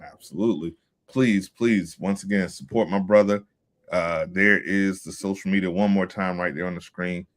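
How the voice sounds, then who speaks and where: A man's voice: low-pitched, fairly even intonation, moderate pace. A man from Virginia hosting a casual interview, talking in an upbeat hype style with punchy catchphrases. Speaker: podcast host.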